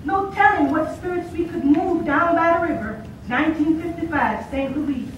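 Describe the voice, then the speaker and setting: A woman's voice: extremely high pitch, normal speed, a little hiss or hum. A woman performing a theatrical monologue, telling a story with voiced quotes from a stage, recorded from a distant camera. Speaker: student performer. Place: stage or hall, recorded from far off. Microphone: distant camera mic. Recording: very echoey hall from far off.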